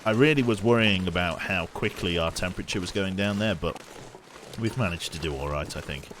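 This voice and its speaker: A man's voice: low-pitched, brisk, background noise. A young man from the Birmingham area with a non-regional English accent, chatting casually to viewers as he streams a survival game. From Birmingham area, England. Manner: chatty, relaxed, thanks viewers between game narration. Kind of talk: casual gameplay live-stream commentary.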